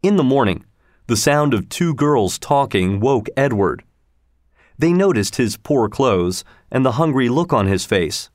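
A man reads a children's story aloud, unhurried and carefully paced. His pitch rises and falls expressively through each sentence. The sound is dry and close with no room around it. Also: dry recording. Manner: slow, measured, expressive. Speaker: narrator. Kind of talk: storybook narration read aloud.

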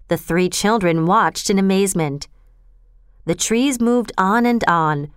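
A woman narrating a children's storybook in an even, measured reading. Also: mid-range voice, clear, resonant tone, no echo, clean studio sound.

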